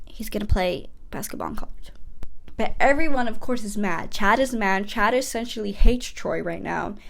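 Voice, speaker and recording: A young woman vlogger recapping a movie in a chatty, casual way, often slipping into quick quoted asides. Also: mid-range voice, animated, creaky, fairly bright tone.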